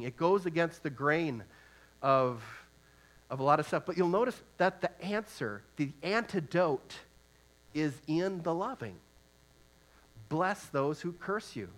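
Male preacher, higher register, earnest sermon delivery with scripture quotes and rhetorical questions. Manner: swells from soft, slow reflection to loud emphatic urging.

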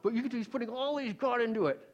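The audio is dull, and the man preaches very fast, veering between loud emphasis and hushed storytelling. Frequent restarts leave him repeating words.

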